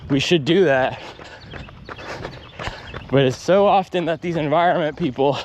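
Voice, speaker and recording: A man's voice: on the high side, a little slow, darkish tone, lo-fi sound, slight background noise. A man vlogging outdoors while out on a run, talking in wry, ranting asides between strides. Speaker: running vlogger. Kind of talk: casual vlog monologue while running.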